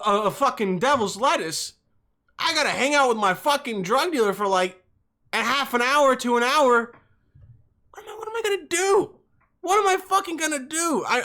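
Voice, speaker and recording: Young man, bright voice, slightly high, profane and animated, solo podcast ramble. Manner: profane, animated, jumps between topics. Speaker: podcast host.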